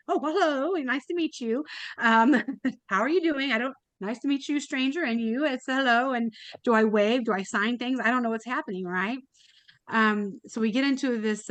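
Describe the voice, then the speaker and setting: A woman with a medium-pitched voice, recorded dry, is a podcast guest and kidney donor. She tells a personal story casually, chatty and emotional, with many fillers and restarts.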